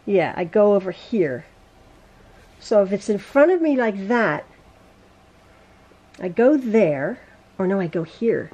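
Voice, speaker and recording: A woman teaching a quilting lesson in her home sewing room, chatty and quick to laugh at and correct her own mistakes. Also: medium pitch, big pitch swings, dark tone, breathy edge, muffled recording. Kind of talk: casual sewing tutorial.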